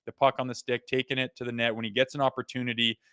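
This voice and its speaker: Excitable rambling man, dry close sound. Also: mid-range voice, fast, clean tone, dry recording. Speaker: co-host; father. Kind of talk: casual sports podcast chat.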